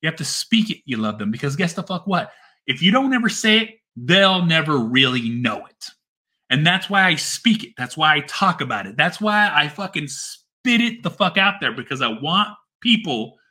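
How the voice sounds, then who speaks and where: A man's voice: fairly high pitch, pushed and bright. A middle-aged man and father giving a candid personal monologue, blunt and heartfelt, swearing heavily and repeating phrases for emphasis. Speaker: father sharing his story.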